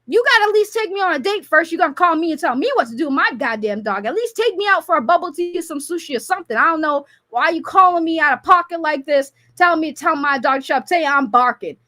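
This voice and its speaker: A woman streaming live, ranting loudly with profane, mocking comic riffs at a caller. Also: very high voice, animated, dry recording, studio quality. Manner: loud, profane, mocking, rapid comic riffing. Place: home.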